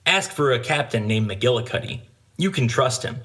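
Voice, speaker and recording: A cautious patriot murmuring plans, as a man reads him aloud in a storybook. He keeps his voice hushed and conspiratorial, close to the reader's own tone. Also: medium pitch, expressive, normal speed, close to an everyday voice. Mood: serious. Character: cautious older male patriot schemer.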